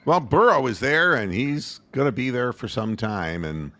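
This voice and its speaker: A man's voice: medium pitch, sing-song, normal speed, a bit bright, slight background noise. A man co-hosting a postgame sports show, rambling and joking crudely about his team's loss. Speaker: co-host. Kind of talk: casual sports banter.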